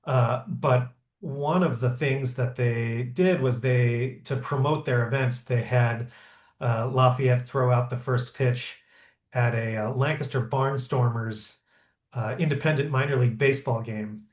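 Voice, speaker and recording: A man's voice: mid-range voice, unhurried. Man telling stories in an echoey room. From Pennsylvania. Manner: animated storyteller with many fillers and restarts. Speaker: historical interpreter, guest. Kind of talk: conversational storytelling. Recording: roomy echo.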